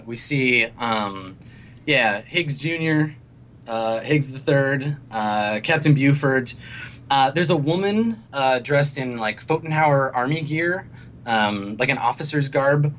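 A man's voice: medium pitch, a bit bright, a little hiss or hum. A man narrating as game master of a tabletop role-play, describing scenes in a rambling way with many fillers.

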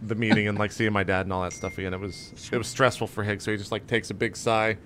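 A man playing a tabletop game, describing his character's actions in a halting, hesitant way. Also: fairly low pitch, little pitch movement, noisy background. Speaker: player.

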